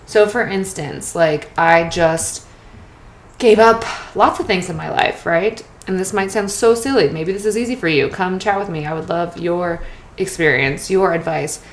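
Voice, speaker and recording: A young woman hosts her own podcast, talking frankly and loosely, with the odd swear word and a habit of checking in with "right?". Her voice sits a little low. She sounds like she is in an echoey room with a faint hiss underneath. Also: moderate pace. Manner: chatty, candid, peppers talk with "right?" and casual swearing. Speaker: podcast host. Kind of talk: casual solo podcast monologue.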